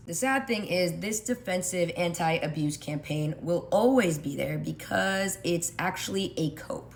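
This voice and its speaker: Woman, opinionated monologue, sardonic, emphatic, low pitch. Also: a little slow, creaky, hardly any pauses, slight background noise. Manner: emphatic, sardonic, acts out quoted arguments. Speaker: commentator on relationships.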